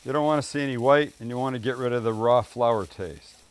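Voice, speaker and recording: A middle-aged man hosts a cooking show in a relaxed, chatty way, explaining each step as he cooks. His voice sits at an ordinary male pitch, and he keeps it upbeat and jokey. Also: fairly quick, clear, resonant tone. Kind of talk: casual cooking demonstration.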